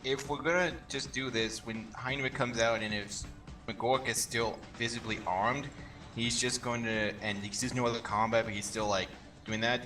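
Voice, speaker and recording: A man's voice: medium pitch, fairly even intonation, normal speed, bright, forceful tone, soft background music. A man playing a tabletop game who rambles and restarts his sentences. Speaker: player. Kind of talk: tabletop role-play chat.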